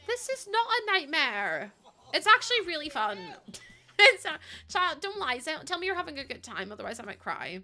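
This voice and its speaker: A woman's voice: high voice, big pitch swings, normal speed, sharp tone, soft background music. A British woman livestreaming, chatting casually with her viewers, laughing often and swearing freely. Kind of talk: casual stream chat.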